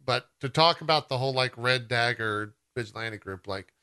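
Casting: man with a very bright, sharp voice, a blunt co-host who swears often. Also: medium pitch, normal speed, smooth. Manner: blunt, swears a lot, fragmented. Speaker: podcast co-host. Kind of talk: casual chat.

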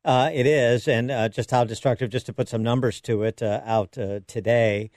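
A man hosting a political talk radio show, interviewing guests in a measured way with drawn-out fillers. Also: mid-range voice, steady tone, a little mellow, no echo, clean studio sound.

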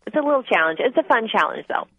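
A woman's voice: on the high side, expressive, fast talker. A woman guest author telling her own story earnestly and candidly in a phone interview. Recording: tinny phone line.

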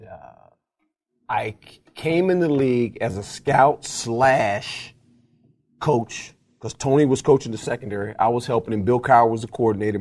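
An older man, a former football coach, telling stories in an interview with lots of emphasis and laughter, acting out quotes in a raised voice. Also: a little mellow. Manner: emphatic, laughs often, acts out quotes in a high voice. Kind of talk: animated storytelling interview.

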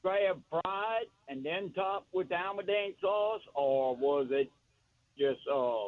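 A man calling into a radio show, asking a question in a halting way. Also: high voice, no room sound. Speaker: radio caller. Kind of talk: call-in question. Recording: dry tinny phone line.

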